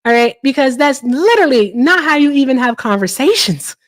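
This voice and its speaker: A combative woman hosting a live stream, her voice sitting a little high. She hammers her points by repeating them and cuts over her caller. Her tone stays casual and blunt. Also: lively intonation, a little fast. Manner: casual, uses "y'all". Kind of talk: heated live-stream debate.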